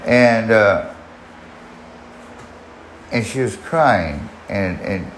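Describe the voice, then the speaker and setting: A man's voice: fairly low pitch, animated, very slow, long pauses, fairly bright tone, roomy sound, slight background noise, rough recording. A man casually telling a personal story in a rambling way, restarting often and swearing. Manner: rambling, frequent restarts and profanity.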